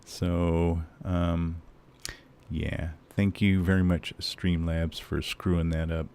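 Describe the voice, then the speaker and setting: A man's voice: low-pitched, flat delivery, slow, darkish tone, smooth. A man streaming a game, chatting casually and ranting with lots of swearing and fillers. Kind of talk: casual live-stream chat.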